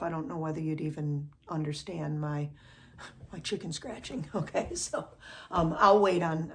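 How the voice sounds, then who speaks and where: Woman drum teacher, chatty lesson. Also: fairly low pitch. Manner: says "okay?" after most phrases, counts beats aloud.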